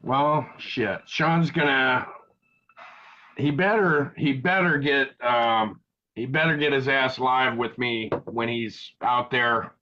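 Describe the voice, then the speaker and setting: A man's voice: medium pitch, slow pace, bright, forceful tone, dull audio, slight background noise. A man hosting a live web show in casual chat, rambling and joking with crude humor. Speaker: show host.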